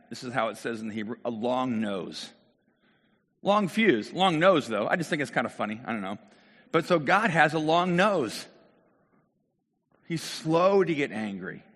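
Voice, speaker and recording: A man's voice: medium pitch, expressive, normal speed, fairly bright tone, long reverb tail. A middle-aged man preaching a sermon in a conversational way, with rhetorical questions and restarts. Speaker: pastor.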